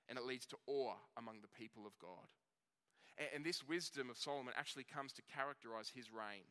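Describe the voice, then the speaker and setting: A man preaching a sermon, telling the story in a conversational way and slowing down on key words. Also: mid-range voice, bright, forceful tone, clear, resonant tone. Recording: long reverb of a hall.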